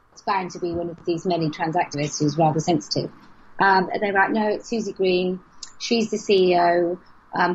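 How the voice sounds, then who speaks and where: A woman's voice: fairly low pitch, slightly rough. A woman, speaking frankly and telling a story as an interview guest. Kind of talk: casual conversation. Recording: dull lo-fi podcast audio.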